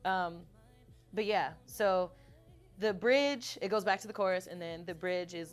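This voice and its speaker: A young woman with a slightly low voice chats casually in an interview about her songs. She tells stories in an animated way and laughs often. When she recites her lyrics, she goes quieter and softer. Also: measured pace, faint music behind. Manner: reads her lyrics aloud softly. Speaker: singer-songwriter guest.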